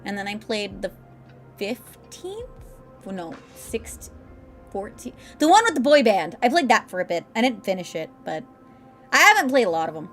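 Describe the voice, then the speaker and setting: A woman's voice: medium pitch, very animated, normal speed, a bit bright, soft background music. A young woman streaming a game, chatting casually with her viewers, rambling and laughing often as she answers chat.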